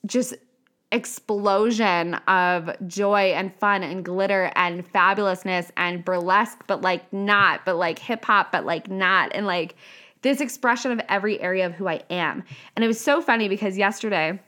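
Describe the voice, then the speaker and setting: A woman in a casual monologue as an author and coach, animated and profane, often slipping into playful quoted voices. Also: mid-range voice, moderate pace. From half Italian.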